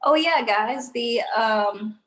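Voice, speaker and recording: A woman's voice: fairly high pitch, slow, a bit bright. A woman co-hosting a podcast in a casual chat, talking in a chatty, matter-of-fact way. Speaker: podcast co-host.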